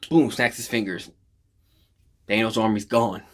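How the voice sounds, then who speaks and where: Excitable man gushing over a film. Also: on the low side, measured pace, slight background noise. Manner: animated, swears freely, acts out lines from scenes. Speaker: movie reaction host. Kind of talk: excited casual movie recap.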